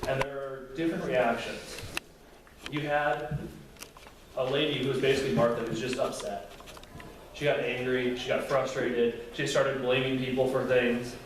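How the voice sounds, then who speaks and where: A young man gives a relaxed Bible lesson, chatting with his listeners and voicing quotes with feeling. He is recorded from across a large room, and his voice rings out with heavy echo. Faint room ambience sits behind him. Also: medium pitch, moderate pace, noisy background. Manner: conversational, acts out quotes with feeling. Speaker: youth Bible teacher. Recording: very echoey room, distant mic, faint ambience.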